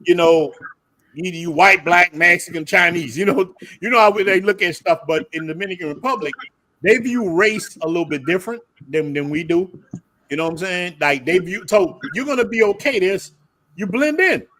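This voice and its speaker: An American man hosting a livestream group chat, telling animated, slangy stories and laughing often. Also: high-pitched, normal speed, no room sound. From United States. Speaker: livestream host.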